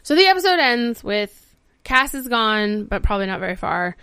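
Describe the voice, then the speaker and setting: Woman recapping TV, smooth clear voice. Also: a little high, moderate pace, dry recording, clean studio sound. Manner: animated storytelling, acts out quotes, swears freely. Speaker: podcast co-host. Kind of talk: casual TV episode recap.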